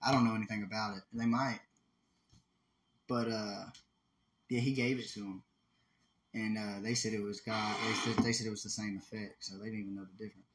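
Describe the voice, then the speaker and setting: Bright voiced guy rambling and cussing on a podcast, super casual. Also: fairly low pitch, brisk, pauses often, slight background noise. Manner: rambling, profane, laughs and breaks into loud animated voices. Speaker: podcast co-host. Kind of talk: casual chat.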